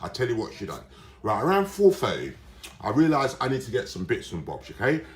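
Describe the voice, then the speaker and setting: Agitated man, rambling solo vlog rant with lively pitch, recorded in a roomy space. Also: fairly quick. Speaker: vlogger. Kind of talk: rambling casual monologue. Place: indoors, his room. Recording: roomy echo.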